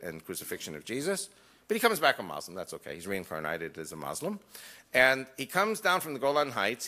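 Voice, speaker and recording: A man's voice: on the low side, bright, forceful tone. A man giving an emphatic lecture to a live audience, mixing wry jokes into his points.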